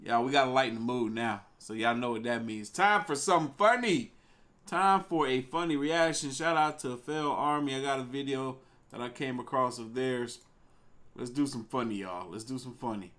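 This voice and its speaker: A man streaming a live reaction, casually talking to his chat in an animated way. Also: medium pitch, normal speed.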